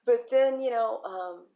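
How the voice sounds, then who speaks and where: Chatty tarot reader, female, lively swooping delivery, salty language. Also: medium pitch. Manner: chatty, animated, profane storytelling. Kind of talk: casual livestream reading.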